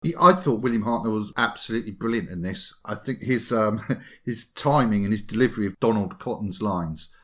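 A man on a podcast, enthusiastic in casual chat, halting and laughing easily. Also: fairly low pitch, pushed and bright.

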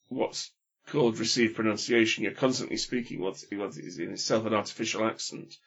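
A man's voice: fairly low pitch, slightly rough. A man chatting casually about films, opinionated, often stopping and restarting his sentences. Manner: hesitant, many restarts, opinionated. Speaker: film podcast panelist. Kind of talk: casual chat. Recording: dull lo-fi sound.

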